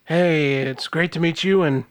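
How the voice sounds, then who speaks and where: A man's voice: on the high side, measured pace, pitched below the performer's own voice, lightly acted. A man reading a sullen, dismissive former pro ballplayer in a comedic script table-read. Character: surly grown man, sullen pro athlete.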